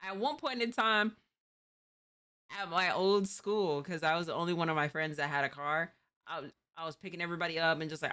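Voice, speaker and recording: Bright-voiced woman from New York. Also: low voice, fairly quick, smooth. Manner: rambling, slangy, many restarts. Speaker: streamer host. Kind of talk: casual stream chat.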